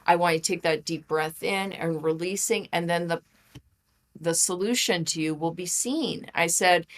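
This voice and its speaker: A woman talking as a podcast guest, chatty and animated, with lots of "like" and quick laughs. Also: fairly low pitch. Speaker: podcast guest, holistic practitioner and author. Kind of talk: casual interview chat.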